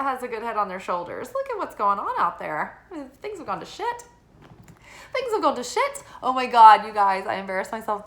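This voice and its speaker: A woman's voice: on the high side, fairly bright tone. A woman giving a casual tarot reading, chatty and full of fillers, who laughs easily and sometimes reads passages aloud from a guidebook. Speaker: tarot reader.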